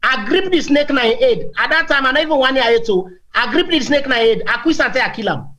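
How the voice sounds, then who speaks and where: A man's voice: very high-pitched, expressive, quick pace, a crowd in the background. A man with a Sierra Leonean Krio accent, a talk show guest telling boastful stories with laughs and many repeated words. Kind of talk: animated anecdotal storytelling.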